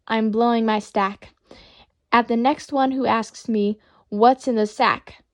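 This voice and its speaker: High-voiced woman reading children's poems playfully. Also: a little slow. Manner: playful, expressive, sing-song reading. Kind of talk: reading children's poetry aloud.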